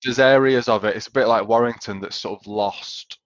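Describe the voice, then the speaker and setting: A man hosting an interview, friendly and gently teasing his guest. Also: mid-range voice, fairly even intonation, moderate pace. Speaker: podcast host. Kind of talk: casual interview chat. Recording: dull lo-fi audio.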